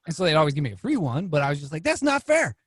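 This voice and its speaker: A podcast guest rattles through a casual story very fast, his voice breathy-edged and free of room sound. He's animated, and his pitch jumps up as he acts out the quoted lines.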